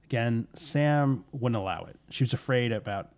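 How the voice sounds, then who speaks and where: A man's voice: medium pitch, expressive, normal speed, darkish tone. A man telling a spooky story in casual podcast chat, rambling with fillers and correcting himself.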